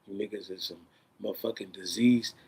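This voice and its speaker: A man in an unscripted, profane rant, swinging between loud bursts and a held-down, controlled tone. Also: lowish voice, steady tone, brisk, breathy edge. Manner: says he is holding his voice down in a controlled tone. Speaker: vlogger.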